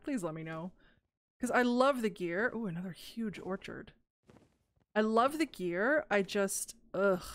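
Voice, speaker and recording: With a mid-range voice, a woman gives casual commentary on a let's play, getting excited and gasping and squealing at cute creatures.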